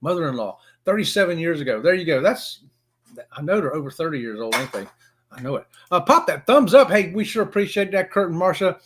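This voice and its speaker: A man in his fifties with a Southern US accent, hosting a casual live stream and greeting viewers by name in a folksy, excitable way. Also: on the high side, fairly quick. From Florida.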